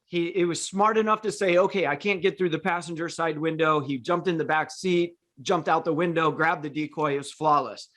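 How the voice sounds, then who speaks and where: Guy rambling thru a dog training story, kinda high voice, lots of uh and restarts. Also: steady tone, brisk, hardly any pauses, a bit bright. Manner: rambling with many restarts and fillers. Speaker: podcast host and dog trainer. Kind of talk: casual storytelling chat.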